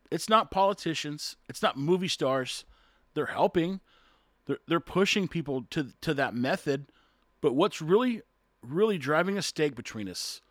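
A man's voice: a little high, no echo. A man giving an earnest opinion monologue, posing rhetorical questions and answering them himself.

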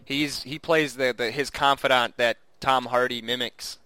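Chuckling man, bright clear voice. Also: mid-range voice, fairly even intonation, moderate pace, no echo. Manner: chuckles often, rambling with restarts. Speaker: podcast co-host. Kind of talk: casual chat.

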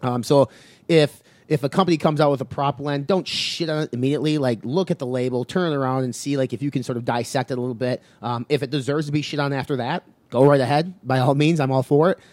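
A man co-hosts a podcast at a fast clip, summing things up in loose, casual terms with the odd curse. His voice sits in a middle range for a man. The sound is dry and close, with no room in it. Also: medium pitch, a little mellow, no echo. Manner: loose, summarizing, casual swearing. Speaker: podcast co-host.

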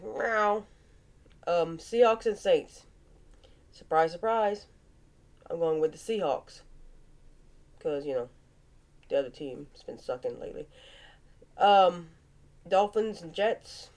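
Stuffy-nosed cajun lady chatting football picks, mellow kinda dark voice, goofy. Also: fairly low pitch, slow pace, pauses often. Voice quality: nasal. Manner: chatty, playful, with animal noises. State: congested, sinus-stuffy. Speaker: vlog host. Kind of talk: casual football picks vlog.

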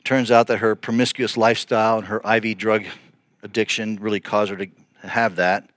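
A middle-aged male pastor telling a story in a sermon, earnest and animated, with frequent restarts. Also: fairly low pitch, normal speed, no room sound, clean studio sound.

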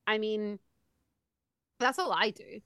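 Bright-voiced female podcast co-host. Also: mid-range voice, slow, clear, resonant tone, no room sound. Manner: eager, explaining from her own experience. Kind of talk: casual podcast chat.

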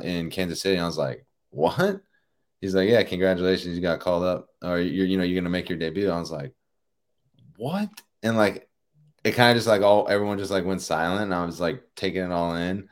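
Deep-voiced man telling a story loosely. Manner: relaxed, rambling, many fillers like "you know" and "like". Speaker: professional baseball player, guest. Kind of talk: casual interview storytelling.

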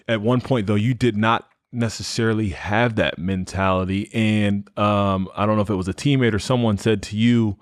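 A man's voice: fairly low pitch, fairly even intonation, normal speed, few pauses, no echo, clean studio sound. A man hosting a podcast who asks his question hesitantly, searching for the words. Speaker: podcast host. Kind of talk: interview question.

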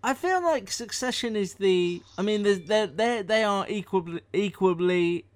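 A man's voice: high-pitched, expressive, normal speed, smooth. A man on a podcast, giving dry, wry remarks in casual review chat. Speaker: podcast co-host.

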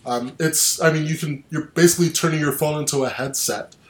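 A man's voice: fairly high pitch, brisk, echoey room. A man hosting a casual online chat, rambling with restarts and sardonic asides. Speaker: podcast host. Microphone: online call.

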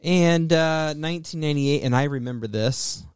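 Smooth-voiced chatty man. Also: on the high side, moderate pace, dry recording, studio quality. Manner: relaxed, chatty, lots of fillers and restarts. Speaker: radio show co-host. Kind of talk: casual local radio chat.

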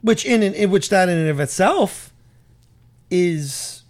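A man's voice: sits high, lively intonation, slow pace. A man co-hosting a casual chat, telling stories and often searching for words. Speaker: podcast co-host.

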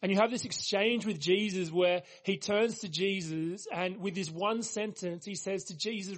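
A pastor preaching a sermon, earnest and emphatic, leaning on repeated phrases for weight. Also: male voice, high-pitched, normal speed, hardly any pauses.

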